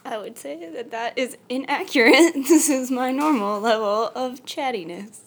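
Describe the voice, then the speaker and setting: A woman co-hosting a casual podcast who gives terse, deadpan answers. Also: high-pitched, normal speed, slight background noise. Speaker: podcast co-host.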